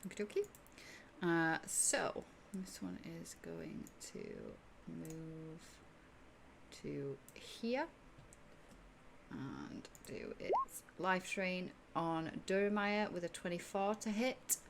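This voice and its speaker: A woman's voice: fairly low pitch, lively intonation, slow, vocal fry, background noise. A woman acting as game master, narrating a tabletop game in a playful way and laughing often.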